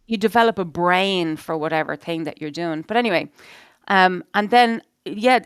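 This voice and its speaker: A middle-aged woman co-hosting a podcast, talking in a loose, rambling way full of "you know"s and blunt swearing. Her voice is smooth and a little low, recorded close and dry. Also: no echo. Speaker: podcast co-host. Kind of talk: casual chat.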